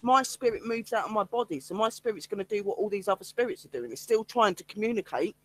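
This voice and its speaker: A woman's voice: mid-range voice, fast talker, no room sound. A woman, a paranormal investigator and medium, telling ghost stories in casual livestream chat and acting out the voices of others. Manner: animated storytelling, acts out other people's lines.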